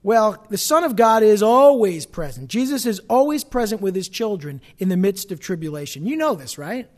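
A man preaching a sermon, rising loud when he quotes scripture and dropping quiet for personal stories. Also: high voice, big pitch swings, moderate pace.

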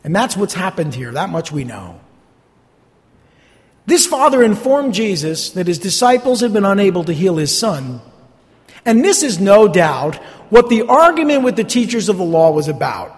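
Animated New Jersey pastor in a hall. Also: male voice, sits high, moderate pace. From North Jersey. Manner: conversational, sarcastic asides, stumbles and repeats words. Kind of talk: sermon. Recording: long hall reverb.

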